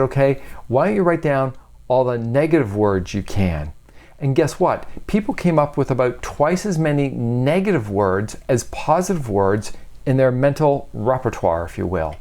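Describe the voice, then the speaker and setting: An earnest man speaks at an ordinary, mid-range pitch as he delivers a self-help talk. He leans on key words with emphasis and keeps asking the listener rhetorical questions. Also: a little mellow. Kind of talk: motivational talk.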